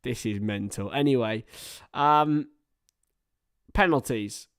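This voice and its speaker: A young man hosting a live football watchalong, excitable and joking, swearing, reading out viewer chat, a little tired after hours on stream. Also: mid-range voice, takes it slowly, clear, resonant tone. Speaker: livestream host commentating a football match. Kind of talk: casual live watchalong commentary.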